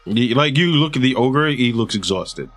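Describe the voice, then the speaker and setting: A man running a tabletop game, describing scenes in a loose, chatty way with lots of fillers. His voice is bright and forceful, with faint music under it. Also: mid-range voice, expressive, normal speed. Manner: loose, filler-heavy storytelling. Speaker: game master.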